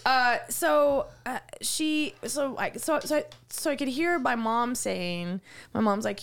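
A woman from Wisconsin chats on a podcast in a slightly high, gravelly voice. She tells stories with animation and acts out other people's voices. She talks haltingly, often restarting her words. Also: fairly even intonation, a bit bright. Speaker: podcast co-host. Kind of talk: casual chat.

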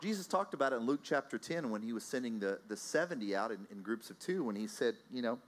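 A man with a Texan accent preaches from the pulpit in an easy, talkative way. His voice sits at an ordinary middle pitch as he tells a personal story, chuckles along the way and checks in with the congregation. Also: quick pace. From Texas. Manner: animated, conversational, chuckles often, calls out to the congregation. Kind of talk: storytelling sermon.

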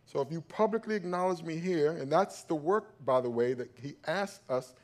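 A male pastor preaching a sermon, calling out to his congregation and swinging from loud emphatic peaks to low quiet stretches. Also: lively intonation, moderate pace. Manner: calls out to the congregation for response.

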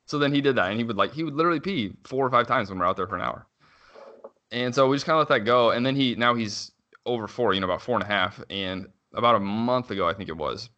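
A man's voice: mid-range voice, sharp tone, muffled recording. A man, a father, in his thirties, chatting casually and rambling with lots of fillers and restarts. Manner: rambling, frequent "like" fillers and self-restarts, quick laughs. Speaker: father telling a story. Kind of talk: casual conversational chat.

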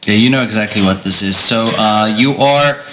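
Deep-voiced man running a horror game. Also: background noise. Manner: halting, repeats words while describing scenes. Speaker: game master. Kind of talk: narrating a tabletop horror game.

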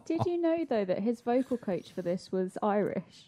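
A woman's voice: mid-range voice, big pitch swings, moderate pace, dark tone. A woman co-hosting a casual film podcast, reacting and laughing along.

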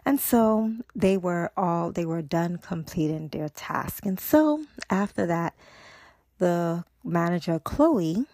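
A woman's voice: fairly low pitch, lively intonation, slow, a little mellow, no echo. A woman podcast host casually retelling a TV episode, rambling with lots of "and so" and "you know".

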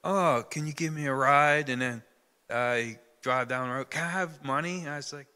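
A man in the audience telling a short story in a halting way, laughing through his words. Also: fairly high pitch, bright, forceful tone, clear, resonant tone. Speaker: audience member. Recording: distant voice with long hall reverb.

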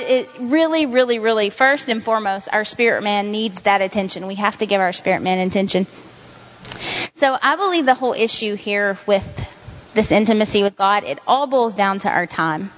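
A woman's voice: a little high, fairly bright tone. A woman giving informal devotional teaching as a Christian speaker, talking in an earnest, repetitive, conversational way. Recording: dull sound in a reverberant hall.

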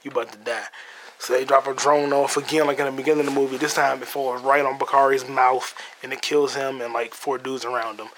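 A man hosting a podcast, recapping a movie in a casual, profane, animated monologue with acted-out quotes. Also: mid-range voice, fairly quick, hardly any pauses, crowd noise. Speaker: podcast host.

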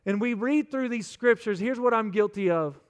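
A man delivers a sermon with a strikingly high pitch for a male voice. His tone is smooth and clear, and he talks to the congregation in an earnest, conversational way. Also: normal speed. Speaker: pastor.

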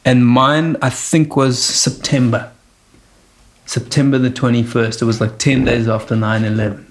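A man's voice: medium pitch, level tone, moderate pace. A man, a comedian hosting a casual chat and reminiscing. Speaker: comedian and host.

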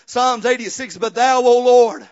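High-voiced preacher, lo-fi. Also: male voice, fairly even intonation, a little slow. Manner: preaching with rhythmic "uh" breaths, building to shouts; quiet storytelling testimony. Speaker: pastor. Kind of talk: sermon.

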